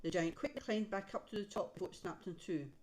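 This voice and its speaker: A woman reading a storybook aloud to a child, pausing to point out the pictures. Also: medium pitch, a little mellow. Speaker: reader to a child.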